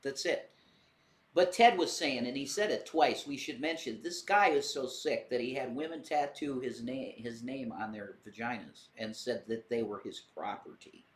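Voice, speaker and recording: A man's voice: medium pitch, moderate pace. A man in casual chat, earnest and questioning. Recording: roomy echo.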